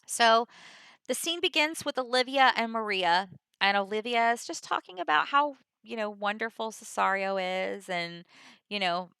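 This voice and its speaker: A woman's voice: a little high, animated, normal speed, vocal fry, sharp tone, smooth, dry recording. A woman casually summarizing the plot of a play, chatty and full of filler words. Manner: chatty, full of 'you know' and 'like'.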